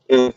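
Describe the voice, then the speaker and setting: A man's voice: warm tone, no room sound, dull audio. A man vlogging to his viewers in a crude, rambling casual monologue full of fillers and restarts.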